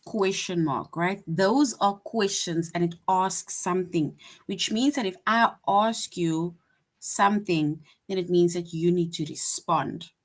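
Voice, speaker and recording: A woman teaching a lesson to young children, patient and slow, reading example sentences aloud with emphasis and checking in often with "right?". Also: lowish voice.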